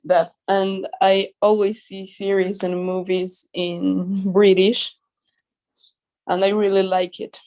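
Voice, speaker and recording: Slow, hesitant woman learning English. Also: mid-range voice, little pitch movement, darkish tone. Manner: hesitant, searching for words, shy laughs. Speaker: English student. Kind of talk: answering a teacher's questions.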